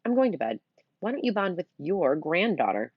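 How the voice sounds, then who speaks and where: A woman's voice: on the low side, big pitch swings, normal speed, breathy edge, no room sound, muffled recording. A woman voicing a tired mother who sounds like a bored teenager. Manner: bored, eye-rolling. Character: tired drama-teacher mom, bored like a teenager.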